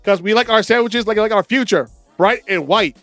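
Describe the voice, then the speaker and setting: A podcast co-host voicing a loud, bigoted Southern white man in a mocking, blustering way. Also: high voice, normal speed, no room sound, faint music behind.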